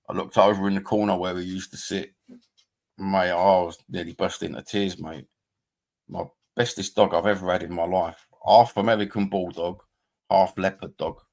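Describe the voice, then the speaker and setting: Deep, creaky and darkish in tone, this 50s man hosts a casual livestream where he reads viewer comments aloud. His talk is blunt and rambling, full of swearing and words like mate and bruv.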